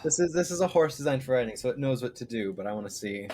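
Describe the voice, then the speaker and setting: Man, game master, casual tabletop narration, easygoing, mid-pitched. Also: fast, slight background noise. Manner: relaxed, loose narration with fillers.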